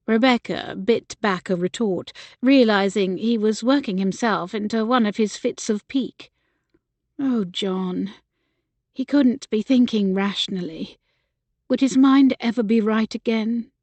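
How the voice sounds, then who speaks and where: High-voiced woman reading an audiobook. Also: a little slow, darkish tone, no room sound. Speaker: audiobook narrator. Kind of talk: scripted audiobook narration.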